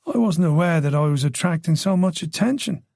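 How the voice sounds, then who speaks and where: A man's voice: a little high, expressive, a little fast, creaky, a little mellow, no echo, voice pushed up. A man voicing a reserved, polite middle-aged detective with dry, guarded replies in an audiobook.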